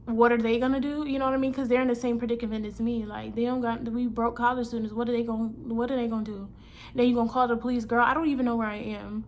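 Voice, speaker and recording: Young woman, casual storytime vlog, slangy, animated, acts out the dialogue, slightly high voice. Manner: chatty, animated, slangy, quotes herself and others in the story. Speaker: vlogger.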